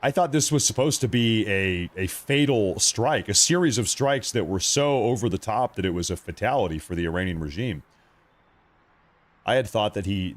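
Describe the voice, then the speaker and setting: A man hosting a live news commentary stream, talking in a conversational and emphatic way that repeats points for effect. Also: on the low side.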